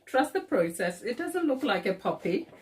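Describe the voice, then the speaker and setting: A woman's voice: on the high side, very animated, moderate pace. A woman giving a live cake decorating tutorial in a kitchen, chatting and laughing often at herself.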